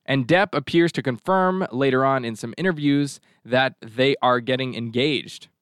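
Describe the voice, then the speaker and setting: A man talks through a timeline on a talk show, slipping in sarcastic asides as he goes. His voice sits at an ordinary pitch and sounds dry and close, with no room around it. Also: moderate pace, a bit bright, clean tone, no echo. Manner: sarcastic, recaps events with asides. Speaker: podcast host. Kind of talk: casual commentary.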